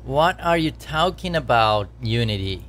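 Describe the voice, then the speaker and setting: A man's voice: mid-range voice, lively intonation, a little slow, a bit bright. A man chatting casually while he codes on a live stream, talking to his viewers and laughing at his own troubles. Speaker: game developer streaming his work.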